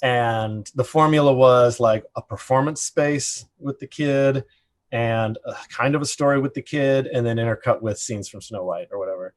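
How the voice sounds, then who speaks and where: A middle-aged man telling a casual story as a podcast guest, rambling and animated, full of "like" fillers. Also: medium pitch, moderate pace. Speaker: podcast guest, production designer.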